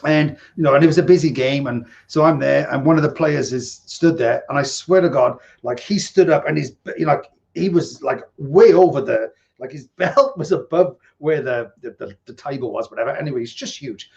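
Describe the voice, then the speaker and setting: A man's voice: mid-range voice, fairly quick, gravelly, hardly any pauses, darkish tone, highs cut off. A man in his fifties, a casino dealer hosting a podcast, rambling through stories with chuckles and acted-out dialogue. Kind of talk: casual storytelling.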